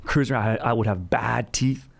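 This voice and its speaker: A podcast host with a mid-range, creaky voice talks a little fast in a casual comedic chat about history. His style is rambling, jokey and slangy bro talk, with "dude" thrown in constantly.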